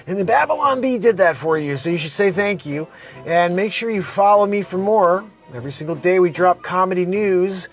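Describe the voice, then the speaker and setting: A man's voice: high voice, expressive, brisk, rough recording. A man hosting a comedy news show, reading headlines and riffing brashly, peppering his lines with mild swears. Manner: brash, jokey, peppers speech with 'freaking' and 'friggin''.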